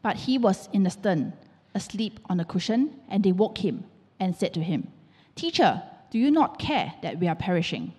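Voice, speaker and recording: A woman reading a passage of scripture aloud in a steady, measured way, introducing the sermon. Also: mid-range voice, slightly rough. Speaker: scripture reader. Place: church hall. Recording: church hall reverb.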